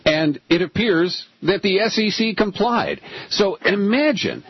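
Husky older talk radio host. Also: male voice, high voice, very animated, a little slow, no echo, dull audio.

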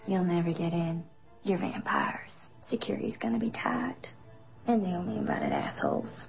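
A woman's voice: lowish voice, wildly swooping pitch, moderate pace, vocal fry, exaggerated voice. An actress playing a blunt, mocking young woman. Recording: muffled TV audio with music.

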